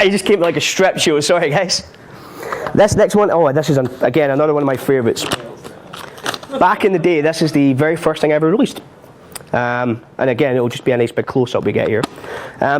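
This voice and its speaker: Man, magic tutorial on a live stream, chatty, jokes at his own expense, laughs a lot, ordinary middle pitch. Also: a little mellow, a little hiss or hum. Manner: chatty and self-mocking, laughs often. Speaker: magic instructor.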